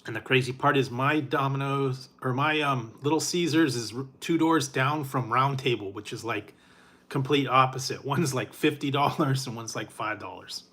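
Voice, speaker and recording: Man, middle-aged, casual live-stream chat, laid-back, rambling, chuckling, filler-heavy, mid-pitched voice. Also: moderate pace, pushed and bright. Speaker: food reviewer.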